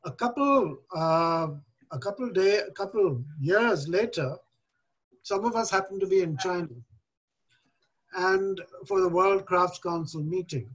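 An older man from India speaking on a panel discussion, measured and deliberate, stressing key points. He talks over a video call. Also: high voice, husky, rough recording.

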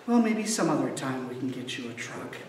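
A man voicing a tired young mother who speaks softly and gently, in an echoey church, heard from far off. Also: a little high, moderate pace, lightly acted. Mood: gentle. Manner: soft and gentle.

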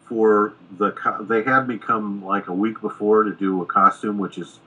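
A middle-aged American screenwriter telling a lively anecdote in a podcast interview, acting out the quoted dialogue. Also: male voice, lowish voice, moderate pace, husky, rough recording. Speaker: screenwriter guest. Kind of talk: casual storytelling in a podcast interview.

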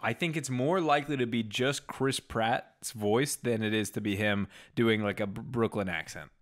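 A man's voice: medium pitch, normal speed, fairly bright tone. A man co-hosting a podcast in casual chat, emphatic and jokey. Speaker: podcast co-host.

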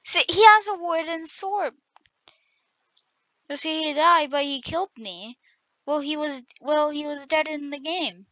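A woman hosts her own gaming video, commentating excitedly as she plays and trash-talks the other players. Her voice sits high and sounds bright and sharp, and she talks at an easy, unhurried pace. The recording is dry and dull, with a lo-fi quality. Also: no echo. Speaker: gaming channel host. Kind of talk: gameplay commentary.

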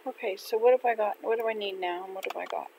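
An older woman from Canada chatting casually to herself while playing a video game, gentle and unhurried. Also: mid-range voice, background noise. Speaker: gaming channel host. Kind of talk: casual gameplay chat. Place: home in winter.

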